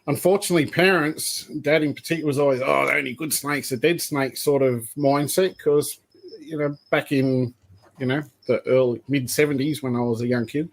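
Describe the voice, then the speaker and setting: A man's voice: mid-range voice, steady tone, normal speed. A man in his fifties with an Australian accent, a podcast guest rambling through long anecdotes. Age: 50s. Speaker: guest, python breeder. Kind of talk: casual podcast chat.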